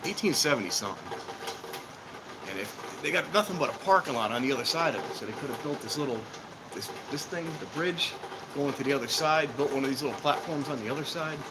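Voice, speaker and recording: A man's voice: mid-range voice, lively intonation, fast talker, heavy background noise. A man chatting casually to viewers on a live stream, out of breath. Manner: chatty, talks to viewers between trains. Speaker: livestreamer filming trains. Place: outdoor train station platform and footbridge in rain.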